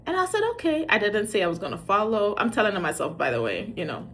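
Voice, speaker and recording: A middle-aged woman telling a funny parenting story in a casual, animated way. She acts out the dialogue and pokes fun at herself. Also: mid-range voice, fast talker, a little hiss or hum. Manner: animated, acts out quoted dialogue, self-mocking. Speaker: parent sharing dating advice.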